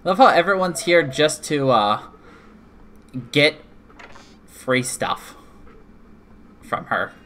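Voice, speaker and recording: A man's voice: a little high, lively intonation, takes it slowly, pauses often, a bit bright, a little hiss or hum. A man hosting a let's play who makes wry, casual asides between the game's lines. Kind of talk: casual game commentary.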